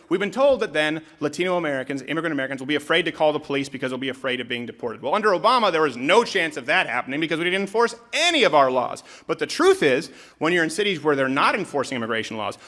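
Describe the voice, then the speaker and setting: In a live comedic speech about politics, a high-pitched young man from Canada stays sarcastic and lively, suddenly shouting at times.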